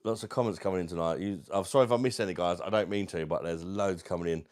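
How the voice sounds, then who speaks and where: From home, a man from South East London runs a casual livestream, going through viewer comments and calling everyone mate. He has a London accent and speaks fast in a low-pitched, darkish voice.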